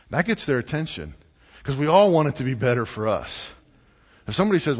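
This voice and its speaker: A man preaching a sermon, animated and deliberate, swinging between loud and hushed delivery. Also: mid-range voice, breathy edge. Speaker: pastor. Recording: muffled, echoey church hall.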